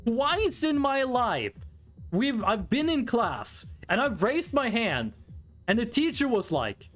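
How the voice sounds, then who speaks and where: A young adult streamer telling long, wandering stories in a chatty, profane way. The pitch swings widely up and down, and faint music plays underneath. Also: takes it slowly. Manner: rambling, animated storytelling, swearing. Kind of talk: casual chat with chat readers.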